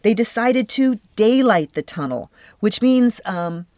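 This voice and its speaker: A woman's voice: mid-range voice, lively intonation, a little slow, darkish tone, dry recording, studio quality. Chatty enthusiastic woman podcaster. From Southern California. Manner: chatty, enthusiastic storytelling with fillers. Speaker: podcast host. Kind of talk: casual solo podcast monologue.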